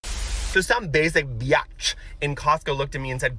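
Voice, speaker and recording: A man's voice: medium pitch, moderate pace, bright, forceful tone, husky. A young man ranting casually, sassy and cutting. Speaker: TikTok storyteller. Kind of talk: casual rant.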